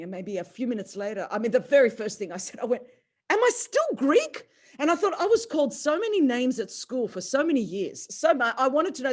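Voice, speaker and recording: A middle-aged Australian woman telling a personal family story, animated, with big jumps in pitch and loudness. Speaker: speaker on a faith call.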